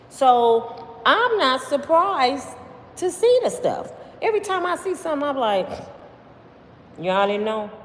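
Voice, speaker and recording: A woman's voice: on the high side, in a large hall, slight background noise. A woman giving opinionated commentary on celebrity news, emphatic and preachy, with constant rhetorical questions to her viewers. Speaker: commentary vlogger.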